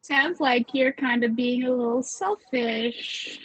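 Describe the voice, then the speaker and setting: A woman's voice: fairly high pitch, slow pace, a bit bright. A woman playing her character in a tabletop game, sassy and challenging. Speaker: player. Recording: dull dry voice-chat line.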